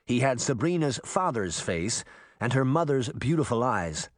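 Male audiobook narrator, lively pitch, dry close sound, mid voice. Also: moderate pace, dry recording. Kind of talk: scripted narration.

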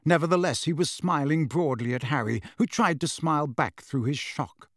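A man narrating a storybook in a dramatic, expressive reading. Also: on the high side, moderate pace, no room sound, studio quality. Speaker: audiobook narrator.

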